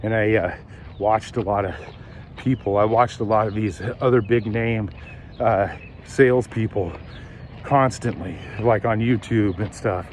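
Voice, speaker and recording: A man who manages car sales, coaching on a walk and acting out phone calls in lively bursts. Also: fairly low pitch, slight background noise. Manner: animated, acts out phone calls in quick bursts. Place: outdoors while walking.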